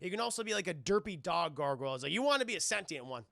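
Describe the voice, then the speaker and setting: Gravelly, bright-voiced male streamer. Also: high voice, very fast, dry recording, studio quality. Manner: animated, profane, lots of fillers. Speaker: streamer reviewing a cartoon. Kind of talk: casual recap to live chat.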